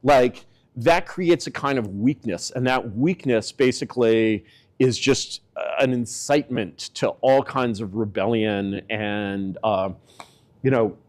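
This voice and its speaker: A man giving casual spoken political commentary, rambling and leaning on filler words, with his pitch swinging up and down for emphasis. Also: a little slow.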